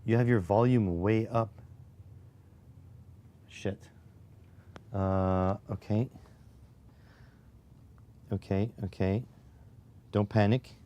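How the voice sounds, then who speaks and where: Slow, mellow-voiced man losing his voice. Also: on the low side, fairly even intonation. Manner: mutters to himself and answers chat between pauses. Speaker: live-stream host. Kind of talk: casual live-stream chat while coding. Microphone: clip-on mic near the chest.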